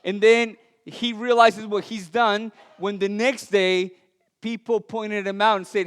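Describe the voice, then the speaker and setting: A male pastor with a non-native, Latin American accent, preaching a sermon with earnest storytelling and light self-deprecating humor, his voice dropping soft and low on weighty lines. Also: steady tone, unhurried, clear, resonant tone. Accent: non-native English, Latin American. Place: church sanctuary. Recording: long church hall reverb.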